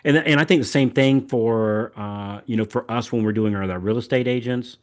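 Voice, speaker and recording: In a darkish, medium-pitched voice at a moderate pace, an older Southern American man hosts a podcast. The conversation is casual and folksy, meandering, with frequent repetition of words.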